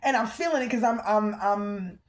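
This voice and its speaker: A spiritual reader gives a collective reading, speaking directly to the viewer in an emphatic way, calling out to the ancestors mid-reading, and checking in repeatedly with "okay?". Her voice is mid-range at a normal speed.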